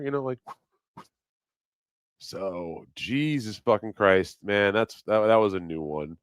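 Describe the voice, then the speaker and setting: A man's voice: fairly low pitch, unhurried, pauses often, clear, resonant tone, no echo. A man hosting a casual live stream, rambling and swearing freely, often breaking into laughter. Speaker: livestream host.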